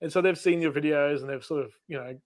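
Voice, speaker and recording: A man's voice: a little high, quick pace. An Australian man hosting a casual live stream chat, talking easily, laughing often and acting out little dialogues as he tells stories. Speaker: channel host.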